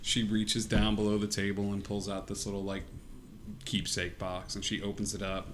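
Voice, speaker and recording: A man's voice: lowish voice, monotone, normal speed, slight background noise. A man narrating as game master in a casual, laughing manner with many fillers.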